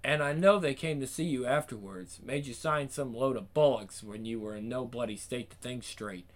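A man doing a gruff hard man. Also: medium pitch, normal speed, pitched below the performer's own voice, close to an everyday voice. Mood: blunt. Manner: blunt, sweary, matter-of-fact. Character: gruff British hard man, blunt and sardonic.

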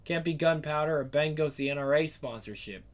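An actor playing a crude, cynical man with a British accent, calmly reasoning out who to betray in a screen drama. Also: on the high side, a little fast, lightly acted. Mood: scheming. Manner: crude, cynical, coolly calculating.

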